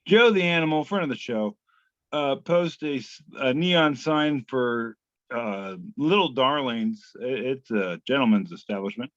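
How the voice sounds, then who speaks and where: A man hosting a casual comedy podcast, reading out memes in a wry, deadpan way with filler pauses. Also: mid-range voice, no echo, muffled recording.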